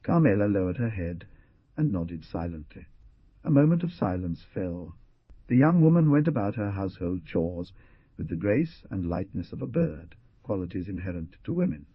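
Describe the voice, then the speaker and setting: A man narrating an adventure audiobook in an expressive storytelling manner. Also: sits low, normal speed, breathy edge, no echo, highs cut off. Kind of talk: scripted narration.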